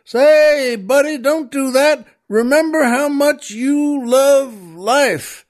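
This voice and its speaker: A man voicing a brash, cheerful Texas oil man in a told joke, shouting up to someone. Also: high voice, animated, unhurried, voice pushed up. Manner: shouting up, hearty.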